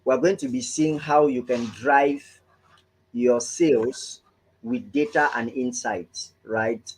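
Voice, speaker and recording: A man's voice: mid-range voice, slightly rough, low-quality recording. A man hosting a live online business training, welcoming viewers one by one in an upbeat, chatty way and often tagging on "right?".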